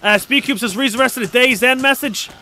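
A man live-streaming a survival game, talking fast and loose, swearing, joking and reading chat messages aloud with high energy. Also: bright, forceful tone.

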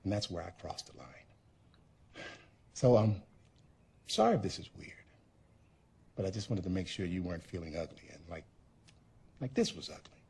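An actor playing an awkward, gentle father who speaks in a soft, apologetic, halting way. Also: low-pitched, very animated, gravelly, slight background noise, full character voice. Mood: earnest. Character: awkward, gentle middle-aged father, overly earnest. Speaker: father in a horror film.

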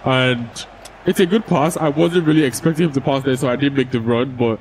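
A young gaming YouTuber speaks a little fast in a mid-range voice, swearing his way through casual commentary on a football video game and venting frustrated rants at it. A little hiss or hum runs through the low-quality recording.

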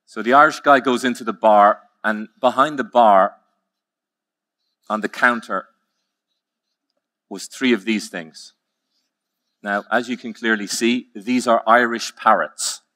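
A man giving a conference keynote, telling stories with emphatic, slowly repeated phrases. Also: on the low side, fairly even intonation, sharp tone. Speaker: keynote speaker.

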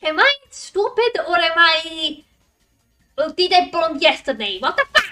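A woman streamer chatting casually with her viewers while she plays, excitable, laughing often and swearing when frustrated. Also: very high-pitched, a little slow, recorded from a distance, music in the background. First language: Italian. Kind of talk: casual live-stream chat while gaming.

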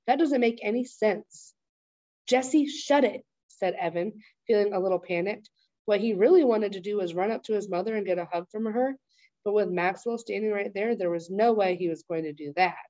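A woman teacher reading a chapter book aloud in a steady, clear voice, then giving class instructions. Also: medium pitch, brisk, dry recording, highs cut off. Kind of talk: read-aloud storybook narration.

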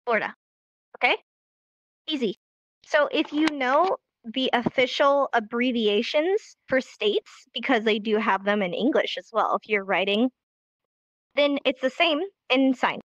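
A woman's voice: fairly high pitch, a little slow, a bit bright, no room sound. A woman teaching a live online sign language class in an upbeat, encouraging way, recorded as dull lo-fi stream audio.

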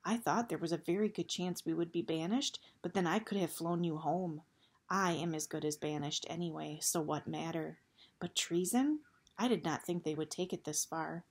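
A woman's voice: low-pitched, moderate pace, husky. A woman voicing a grave, guilt-ridden male bat warrior who speaks formally and stiffly, without contractions.

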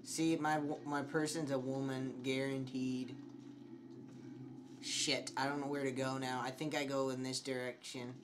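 A man's voice: mid-range voice, level tone, measured pace, noisy background. A young man giving commentary on a horror game, swearing often and shrieking when scared. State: slightly sick. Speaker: gameplay streamer.

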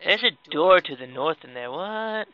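A man's voice: a little high, animated, a little slow, highs cut off. A man giving casual, sarcastic let's-play commentary, exclaiming and joking at the game as he plays. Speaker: gaming video creator.

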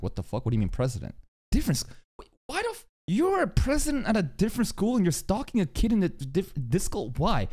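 An anime reaction streamer reacting live, excitable and foul-mouthed, with a voice that swings widely up and down. The pitch sits in the middle, and the talk keeps breaking into laughter. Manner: excitable, profane, laughs often.

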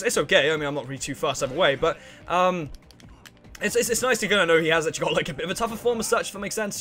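Chatty guy, lively voice. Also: fairly high pitch. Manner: rambling, chatty, quick laughs and exclamations. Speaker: let's play host. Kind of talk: casual gameplay commentary. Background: faint game music.

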